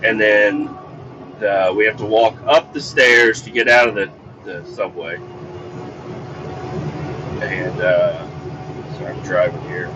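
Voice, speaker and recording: A middle-aged podcast host tells a rambling, exasperated, swear-filled story while driving, with faint vehicle noise behind him. His voice is lowish and slow, he pauses often, and the recording sounds muffled.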